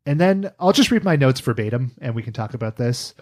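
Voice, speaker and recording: A man co-hosting a casual podcast, recapping a cartoon with animated, laughing, profane asides. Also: medium pitch, fairly quick. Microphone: studio podcast mic.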